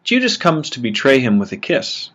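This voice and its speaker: A man, a religious brother, giving a scripted spiritual reflection in a measured, reflective and gently humorous way. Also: medium pitch, huge pitch swings. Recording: dull lo-fi recording.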